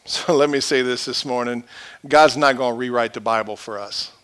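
A male pastor preaching a sermon in a church, swinging from loud shouted peaks to quiet low asides. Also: moderate pace, smooth.

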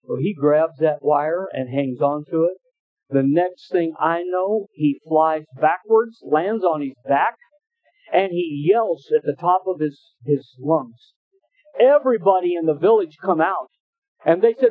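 Brief: male pastor, folksy sermon storyteller, slightly high voice, dry tinny phone-like sound. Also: measured pace. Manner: folksy, anecdotal, with hesitant restarts. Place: church.

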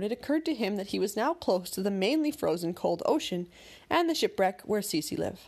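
A woman narrating a bedtime story in a calm, gentle, measured way. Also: medium pitch.

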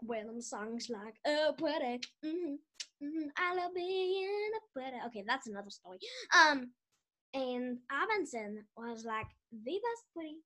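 A woman's voice: a little high, bright, forceful tone. A woman hosting a podcast, telling a rambling story in a casual, giggly way, full of "like" and restarts. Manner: giggly, restarts often, lots of "like". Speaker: podcast host.

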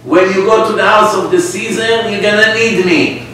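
Brief: a man doing an eager, pushy demon, raised pitch, echoey distant recording. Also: fairly even intonation, normal speed, pushed and bright. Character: eager, helpful male demon. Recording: echoey room, distant mic, faint noise.

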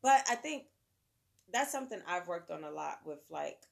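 Co-host, woman in her thirties, low gravelly voice, lively and chatty. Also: normal speed. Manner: animated, acts out quoted voices of her kids. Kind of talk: casual chat.

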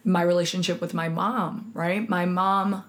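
A woman's voice: on the low side, a little slow. A woman in her twenties co-hosting a podcast, talking candidly in casual chat and acting out quotes as she tells stories. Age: 20s. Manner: candid, animated storytelling with acted-out quotes. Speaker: podcast co-host.

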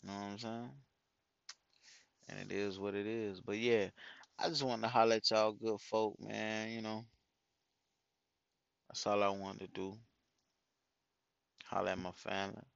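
A man's voice: on the low side, flat delivery, measured pace, vocal fry, pauses often, clean tone, no room sound, highs cut off. A middle-aged father rambles through casual stories for his followers, cussing freely and dropping "man" into almost every sentence. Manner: loose, rambling, profane, with many "man"s. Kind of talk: casual storytelling monologue.

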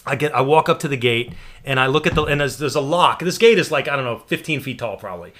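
An American man telling a long story in casual chat, animated and laughing, with some swearing. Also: mid-range voice, quick pace. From United States.

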